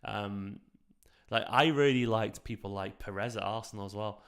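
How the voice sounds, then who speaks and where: A man in his thirties hosting a late-night live stream from home into a microphone, talking in a hushed, half-whispered way, with a raspy voice. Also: lowish voice, moderate pace. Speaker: fan channel host streaming a match watchalong. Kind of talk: casual live chat with viewers.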